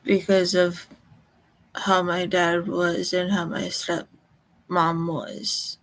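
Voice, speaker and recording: A woman from Colorado, telling a personal story in a halting way, close to tears. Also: on the low side, level tone. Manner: slow, halting, emotional recollection.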